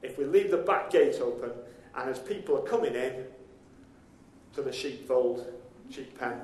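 A man's voice: medium pitch, animated, normal speed, darkish tone, slight background noise. A man preaching a sermon as pastor, talking conversationally and throwing questions out to his congregation. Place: church hall. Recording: echoey church hall.

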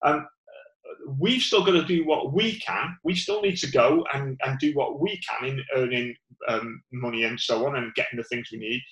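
A man's voice: mid-range voice, normal speed, fairly bright tone, echoey room, highs cut off. A man with a Northern English accent giving an informal sermon, rambling with many fillers and restarts. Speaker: preacher.

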